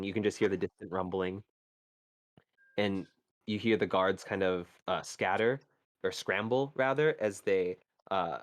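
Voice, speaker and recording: A man with a deep voice runs a tabletop game live on stream as game master, stumbling and groping for words as he sets the scene. There's no room sound.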